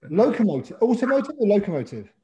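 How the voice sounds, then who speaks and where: A man with an English accent, a pitch coach teaching a webinar over a video call in a playful way, calling on participants by name. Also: sing-song, quick pace, dull audio, a crowd in the background. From England.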